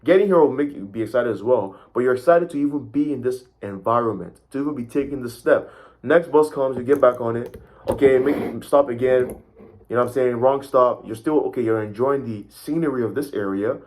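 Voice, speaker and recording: A man's voice: mid-range voice, brisk, darkish tone. A man giving an emphatic motivational talk to camera, often checking in with "right?" and pointing at a sketch as he explains. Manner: emphatic, keeps asking "right?" and "you see". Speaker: motivational speaker.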